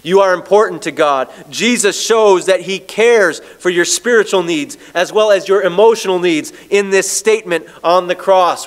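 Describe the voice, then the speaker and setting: A man pastor preaching a sermon, telling stories and slowing down to read scripture. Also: high-pitched. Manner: storytelling preacher, slows down on scripture.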